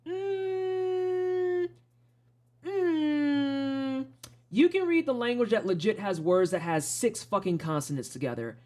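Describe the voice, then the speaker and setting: Streamer, Midwestern American accent, average pitch; loose, frank live commentary full of tangents and casual cursing. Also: very animated, fairly quick, few pauses, darkish tone. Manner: rambling, frank, swears casually. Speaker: streamer playing game demos.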